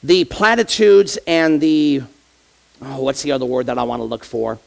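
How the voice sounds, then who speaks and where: A man's voice: medium pitch, normal speed, creaky. A man, an associate pastor, preaching a conversational sermon in church and addressing the congregation directly with rhetorical questions.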